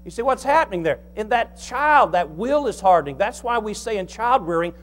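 A man preaching a sermon as pastor, folksy and joking, quizzing the congregation and slowing down to stress key lines. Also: sits high, lively intonation.

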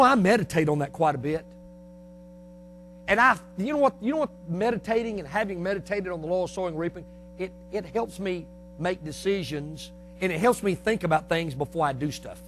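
A man with a Northern US accent preaches in a folksy, emphatic way, his voice pitched high for a man. He swings from loud bursts down to quiet, low asides. A faint hum runs under the recording. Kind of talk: sermon.

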